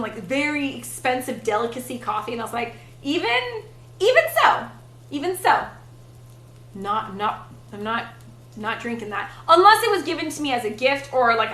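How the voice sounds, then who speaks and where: A young woman with a high, bright voice chats bluntly while she cooks on her livestream, swearing now and then. The kitchen sounds echoey, with faint sizzling behind her. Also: slight background noise. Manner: chatty, blunt, swears casually. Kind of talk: casual chat while cooking on stream. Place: home kitchen.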